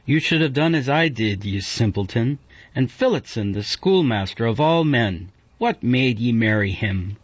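A man's voice: mid-range voice, animated, a little slow, breathy edge, no room sound. A man reading an audiobook voices a sick, cantankerous old countrywoman who scolds in a rustic dialect with a hollow voice. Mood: scolding, crusty. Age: older. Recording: dull, dry audiobook recording.

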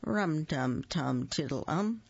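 A woman's voice: low voice, lively intonation, takes it slowly, creaky, husky, no room sound, lo-fi sound, exaggerated voice. Winnie the Pooh, simple cheerful bear, read by a woman. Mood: musing. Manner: simple, earnest, humming. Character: humble, hungry, cheerful male bear.

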